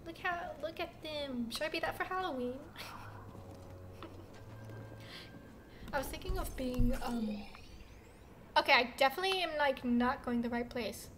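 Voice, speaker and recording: A woman's voice: sits high, measured pace, long pauses, fairly bright tone, slight background noise. A young woman giving dramatic gameplay commentary, groaning and shrieking at the game. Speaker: gaming streamer.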